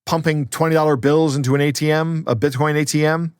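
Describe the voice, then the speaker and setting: A man's voice: a little high, steady tone, a little fast, clean tone, no room sound. Dry-humored male podcast co-host. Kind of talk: casual podcast chat.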